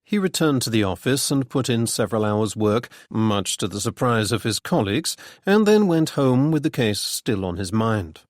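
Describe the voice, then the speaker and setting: A man narrating a mystery novel in measured, even storytelling. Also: mid-range voice, no echo, clean studio sound. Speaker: audiobook narrator. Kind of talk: scripted narration.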